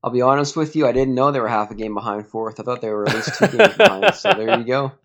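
A man calling into a sports podcast as a guest, talking through his picks in a measured, hedging way. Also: mid-range voice, expressive. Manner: measured, hedging, thinks out loud. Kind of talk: casual sports chat. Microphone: remote call. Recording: dull remote call line.

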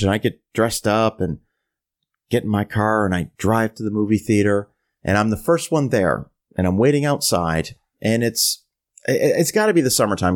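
A middle-aged man on a podcast telling a long funny story, bouncing into exaggerated voices for the people he quotes. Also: lowish voice. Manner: animated, mimics voices in quoted lines. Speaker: podcast co-host. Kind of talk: casual storytelling rant.

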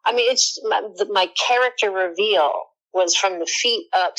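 A woman in her sixties, an actress talking as a podcast guest, telling lively stories and acting out the lines of the people she quotes. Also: medium pitch, normal speed, rough recording. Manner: lively storyteller who acts out quoted lines.

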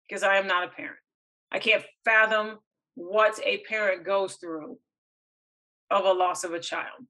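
A woman podcast host speaks earnestly and with deep feeling. Her voice is bright and forceful, at a middling pitch. She halts often, repeating words as she works through her thoughts. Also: low-quality recording. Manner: earnest, impassioned, halting with repeated restarts. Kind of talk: emotional solo commentary.

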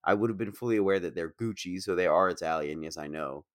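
A man's voice: deep voice, fast, no room sound, clean studio sound. A man co-hosting a podcast, chatting casually about movies in a blunt, critical way and swearing freely. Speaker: podcast co-host. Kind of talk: casual film discussion.

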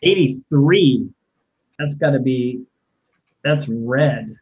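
A man's voice: mid-range voice, drawn-out words, husky. Joking male player, muffled sound. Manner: joking, relaxed. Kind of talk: casual tabletop chat.

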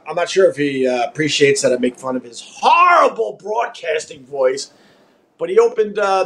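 A man's voice: a little high, a little hiss or hum. A middle-aged man from Long Island with a light Long Island accent, hosting a radio talk show in a chatty, jokey, rambling way while achy and unwell. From Long Island, New York. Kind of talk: casual radio talk with ad reads.

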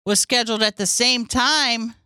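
A woman hosting a casual podcast, laughing often and reacting in a lively way. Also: a little high, normal speed, smooth, no echo, clean studio sound.

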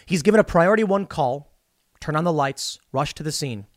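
His voice is a little high, expressive and brisk, captured as a dry, clean studio recording. This political commentator addresses viewers directly with a blunt, opinionated monologue and a personal take, recounting events through acted-out dialogue.

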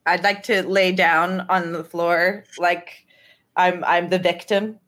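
A woman's voice: on the low side, slow. A woman playing a tabletop game, speaking casually and playfully, often slipping into her character's voice. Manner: lively, playful, jumps into character. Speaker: player. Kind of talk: casual tabletop role-play.

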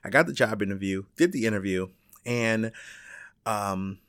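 Speaking at a normal speed with a clear, resonant tone, this man is a teacher from Chicago recounting something that happened to him. His talk wanders, full of ums, false starts and some cursing, and he mimics others with sharp pitch jumps. Dry, clean studio audio.

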